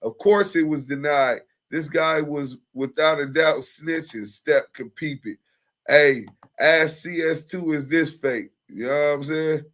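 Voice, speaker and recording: A man's voice: on the high side, measured pace, fairly bright tone. A man on a casual livestream, reading court papers and emails aloud in a laid-back way, chuckling often. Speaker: livestream commentator.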